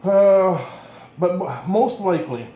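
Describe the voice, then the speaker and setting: A man's voice: sits high, lively intonation, takes it slowly, warm tone, slight background noise. A man giving a casual demonstration of instrument setup, rambling and correcting himself as he goes, recorded in a home workshop on a camera mic. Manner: rambling, self-correcting, plainspoken. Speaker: instrument maker and teacher. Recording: echoey room with faint ambience.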